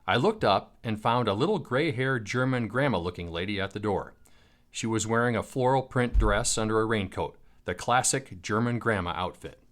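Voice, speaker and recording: A man's voice: on the low side, lively intonation, moderate pace, fairly bright tone. An American man telling a personal travel story in a wry, self-mocking way. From United States.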